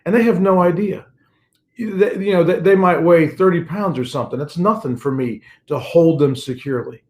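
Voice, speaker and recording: A man's voice: a little high, moderate pace, darkish tone. Earnest older male pastor. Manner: earnest, personal, repeats phrases for emphasis. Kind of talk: devotional sermon message.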